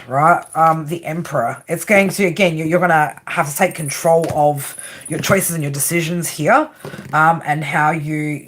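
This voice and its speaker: A woman's voice: sits low, a bit bright. A woman with an Australian accent giving a casual, chatty live tarot reading, laughing often and swearing freely. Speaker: tarot reader.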